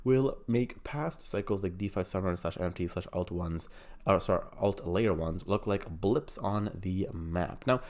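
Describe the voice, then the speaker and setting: A man's voice: deep voice, measured pace, darkish tone. A man hosting a crypto channel, talking in a brash, profane, hyped-up way and putting on a mock accent. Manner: puts on an unnamed mock accent. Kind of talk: casual hype commentary.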